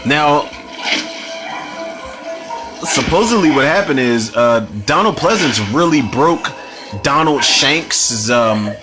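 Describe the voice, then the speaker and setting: Man talking over a movie, unhurried, cussing, loose and joking, soundtrack playing under him. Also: on the high side, music in the background. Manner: profane, animated, riffs on the film. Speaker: movie commentary host. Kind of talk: casual watch-along commentary. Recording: film soundtrack playing behind.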